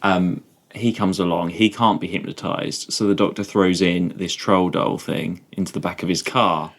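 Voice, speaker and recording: A man in his thirties, co-hosting a podcast in casual chat, chatty and quick to laugh. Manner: chatty, laughing, lively pitch swings. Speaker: podcast co-host.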